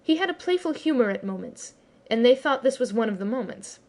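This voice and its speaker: A woman narrating a classic children's story as an audiobook reader, with expressive storytelling. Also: on the high side, fairly quick. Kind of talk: scripted narration.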